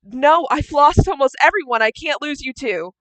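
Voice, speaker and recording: A woman's voice: high voice, lively intonation, moderate pace, no room sound, voice pushed up, rough recording. A woman voicing a grief-stricken young princess who pleads frantically in a tabletop game. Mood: pleading. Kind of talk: acting out a tabletop game character.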